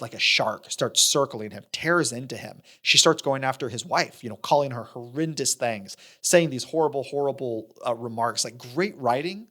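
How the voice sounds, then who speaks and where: A young man with a bright, forceful voice talks through a movie scene on a podcast. He slips into quick acted-out lines for the characters and leans on fillers as he goes. His pitch sits in the middle range. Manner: animated retelling, acts out character lines, frequent fillers. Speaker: podcast co-host. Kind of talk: casual film discussion.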